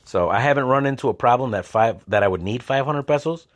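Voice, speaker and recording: A podcast host with a mid-range, expressive voice talks fast, telling stories in a casual, rambling monologue. He keeps restarting his sentences.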